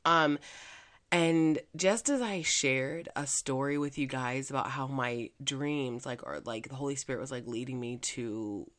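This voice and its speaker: A woman's voice: a bass voice, a little slow, a bit bright. A woman hosting her own podcast, talking alone in a chatty, upbeat way with plenty of fillers. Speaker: podcast host. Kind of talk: casual solo podcast monologue.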